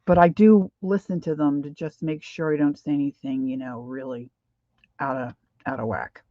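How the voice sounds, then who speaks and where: A woman's voice: low voice, fairly even intonation, normal speed, dark tone, dry recording, muffled recording. An older woman with a Philadelphia accent, chatting casually on a craft livestream and greeting viewers by name. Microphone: desk microphone.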